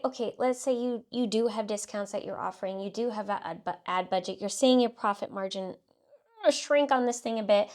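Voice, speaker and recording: A woman's voice: medium pitch, darkish tone. A woman from South Texas with a light Southern twang, hosting a solo podcast and coaching listeners with upbeat, direct instructions. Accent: light Southern US country twang. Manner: upbeat, coaching, direct second-person instructions with frequent "okay" and "let's say". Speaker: podcast host and marketing consultant.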